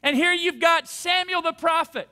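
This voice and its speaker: At a church service, a pastor in his forties preaches a fervent sermon in an extremely high, sharp voice at a moderate pace. He uses call-and-response, urging the congregation to repeat after him.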